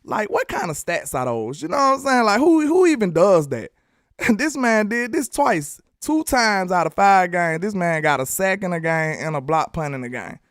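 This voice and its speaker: A man from Alabama with a Southern accent giving animated, slangy football commentary, talking straight to his viewers. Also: sits high, normal speed, no room sound, studio quality. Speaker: sports commentary host. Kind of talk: casual sports commentary vlog.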